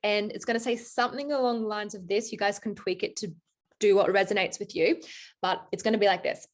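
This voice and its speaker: A woman's voice: mid-range voice, fairly even intonation, brisk. A young adult woman coaching her team over a video call, chatty and motivational, walking them through affirmations. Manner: upbeat, chatty, motivational, reads affirmations aloud. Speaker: team coach leading a recruiting session. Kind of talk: live online coaching session.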